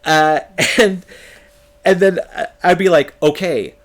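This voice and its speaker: A man from California, United States, streams a game and chats casually, telling rambling, self-mocking stories and laughing often. His voice is a little high, and he takes his time speaking.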